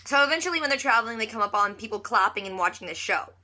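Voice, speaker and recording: Chatty woman doing a tv recap vlog, kinda high pitched, bright voice, does little voices for the quotes. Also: expressive, racing. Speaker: reaction vlogger. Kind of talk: casual TV episode recap.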